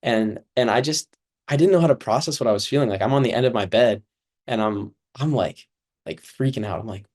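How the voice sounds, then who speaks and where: A man's voice: medium pitch, fairly quick, darkish tone. A young man giving personal testimony as an interview guest, earnest and filling his speech with "like". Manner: earnest, heavy use of "like".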